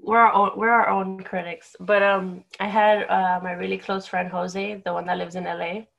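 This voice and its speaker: Young woman with a creaky voice. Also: mid-range voice, flat delivery, moderate pace, fairly bright tone, dull audio. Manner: chatty, acts out quotes, laughs often. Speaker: podcast co-host. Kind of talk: casual podcast chat.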